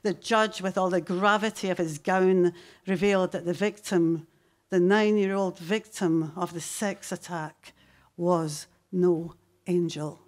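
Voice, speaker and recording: A woman, a poet reading her poems and chatting between them on stage before a live audience, slow and deliberate with sudden fierce bursts. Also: fairly low pitch, fairly even intonation.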